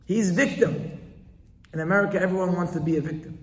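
A man giving a Torah lecture, repeating key phrases emphatically and rising in pitch for stress. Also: fairly even intonation, fairly quick. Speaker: Torah teacher. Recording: roomy hall, voice from a distance.

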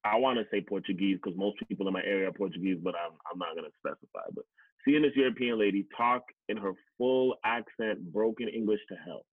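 A man's voice: lowish voice, fairly quick, dry recording. Blunt man on a tinny line. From Canada. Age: adult, past teachers college. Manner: blunt, emphatic, swears, repeats words for stress. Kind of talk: candid conversational storytelling. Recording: tinny phone-like sound, dry.

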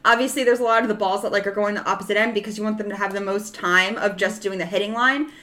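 A woman's voice: mid-range voice, steady tone, fast talker, sharp tone. A woman in her twenties co-hosting a podcast in casual chat, playful and laughing often. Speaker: podcast co-host.

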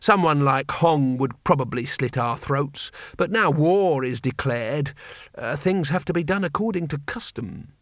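A man reading an audiobook, voicing a polite, diplomatic teacher who speaks in a mild, measured way. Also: a little high, animated, a bit bright, dry recording, clean studio sound. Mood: courteous.

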